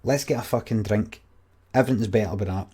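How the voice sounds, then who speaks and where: A man's voice: on the low side, fast talker, mellow, husky. Sweary rambling Scottish man. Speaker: streamer. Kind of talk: casual storytelling to viewers.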